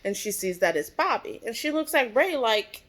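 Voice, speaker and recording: A woman's voice: on the high side, sing-song, brisk, fairly bright tone. A woman vlogger casually recapping a TV episode, chatty and full of "like" and "you know". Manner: chatty, lots of "like" and "you know", acts out characters' lines.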